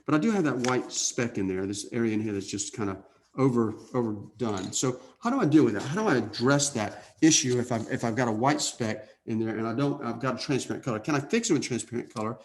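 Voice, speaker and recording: A man teaching an airbrush painting lesson in a relaxed way, thinking out loud and often checking in with "okay?". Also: mid-range voice, fast talker, hardly any pauses, slight background noise. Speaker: art instructor. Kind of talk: casual painting demonstration.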